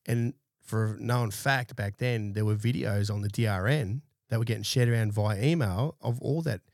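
A man's voice: fairly low pitch, moderate pace, a little mellow, dry recording, studio quality. A man in his thirties with an Australian accent, an army veteran telling war stories in a podcast interview, blunt and full of swearing. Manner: blunt and heavily profane, laid-back anecdotes. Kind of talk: casual storytelling interview. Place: small studio.

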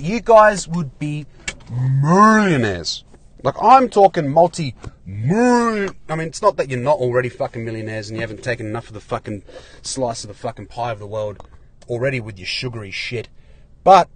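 Sweary man ranting, husky voice. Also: mid-range voice. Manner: profane, swears constantly, rants. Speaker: podcast host. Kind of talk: casual ranting monologue. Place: walking outdoors, then indoors at home.

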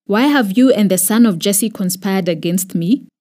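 A woman with a Kenyan accent voicing an angry, suspicious old king who shouts accusations at his men. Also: medium pitch, normal speed, lightly acted. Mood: furious, accusing.

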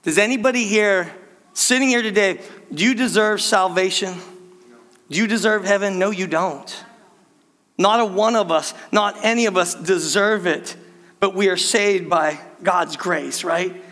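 Bright, high-voiced older man preaching. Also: long reverb tail. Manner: conversational, playful preaching with quick asides. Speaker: pastor. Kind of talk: sermon. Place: church sanctuary.

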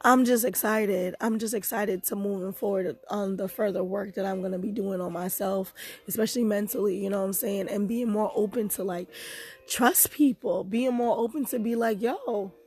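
A woman's voice: mid-range voice, moderate pace, breathy edge. A young woman hosting her own podcast, talking casually and animatedly to her listeners about her life, dating and faith. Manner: chatty, animated, giggly, addresses listeners as "y'all". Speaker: podcast host. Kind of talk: casual personal talk to listeners.

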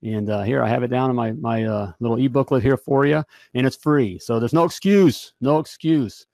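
A man's voice: mid-range voice, normal speed, creaky, dark tone, dry recording. A man hosting a podcast and wrapping up the show in a rambling, upbeat way, with lots of fillers. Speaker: podcast host. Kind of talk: casual show wrap-up.

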